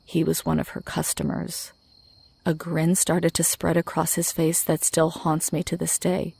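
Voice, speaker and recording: A woman reads a first-person horror story in a low, even voice with a gravelly edge. Her telling is measured and steady, recorded dry and close. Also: no echo. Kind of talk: scripted first-person narration.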